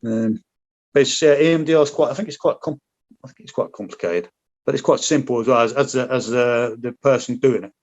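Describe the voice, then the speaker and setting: A man talking in a frank, rambling way, swearing freely as he tells his story. His voice sits at an everyday middle pitch. The recording sounds a little muffled and dull. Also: a little fast, darkish tone. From Britain. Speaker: podcast guest, former paratrooper. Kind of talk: casual interview chat.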